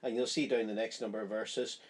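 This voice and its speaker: A man's voice: lowish voice, steady tone, brisk, slight background noise. A man giving a Bible study, explaining a chapter in an earnest, conversational way. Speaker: Bible teacher.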